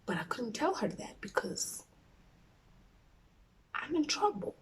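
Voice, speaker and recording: A young woman with a South African accent telling a personal story, animated, dropping into whispers for asides. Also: fairly high pitch, takes it slowly, long pauses, far from the mic, low-quality recording. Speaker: YouTuber. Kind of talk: storytime vlog.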